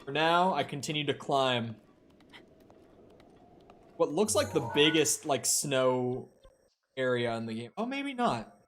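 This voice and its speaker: A man with a light Minnesotan accent keeps up casual, profane chatter while he plays a game live. His voice sits at an ordinary middle pitch. A faint background hiss runs under the talk. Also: very animated, slow pace, pauses often, a bit bright. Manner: chatty, profane, reads chat aloud. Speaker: game streamer. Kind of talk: casual live-stream commentary.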